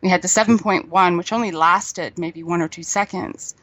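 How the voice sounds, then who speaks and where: A woman's voice: on the low side, fairly even intonation, normal speed, a bit bright, dry recording. A middle-aged woman, chatting as a guest, telling stories and laughing easily. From New Zealand. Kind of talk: casual chat.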